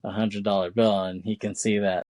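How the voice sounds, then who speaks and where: A man's voice: lowish voice, level tone, moderate pace, a little mellow, no echo. A man co-hosting a podcast, retelling a film's scenes in a rambling casual way, with many fillers and acted-out quotes. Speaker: podcast co-host. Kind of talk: casual film recap chat.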